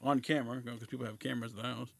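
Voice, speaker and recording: A man's voice: mid-range voice, racing, creaky, slight background noise. A man co-hosting a podcast, telling jokey stories in casual chat. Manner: jokey storyteller, lively delivery. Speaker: podcast co-host.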